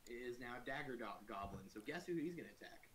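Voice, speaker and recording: Bright-voiced man running a tabletop game. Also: mid-range voice, expressive, fast, a little hiss or hum. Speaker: game master.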